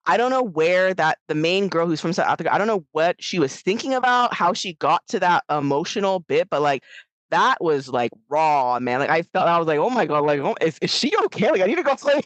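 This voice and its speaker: A woman co-hosting a podcast, chatting casually about a film, animated and laughing often as she acts out lines. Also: low voice, no echo, poor audio. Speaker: podcast co-host. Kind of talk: casual film review chat.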